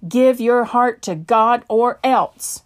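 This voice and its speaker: A woman's voice: on the high side, animated, normal speed, a little mellow, pitched above the performer's own voice, lightly acted. A woman voicing a bold, fearless old woman preacher who proclaims and commands. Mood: commanding.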